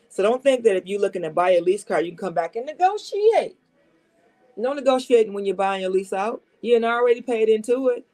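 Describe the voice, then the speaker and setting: A woman's voice: medium pitch, a little mellow. Car saleswoman at her desk, bit sniffly from a cold, chatty and emphatic, says stuff twice. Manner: chatty, emphatic, repeats key points. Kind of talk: casual advice talk to camera.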